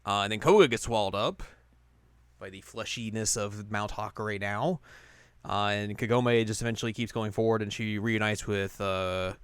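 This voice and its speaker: Smooth-voiced man recapping anime. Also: lowish voice, moderate pace, dry recording. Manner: playful recapping, acting out characters' lines in silly voices. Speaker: co-host recapping an anime episode. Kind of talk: casual chat.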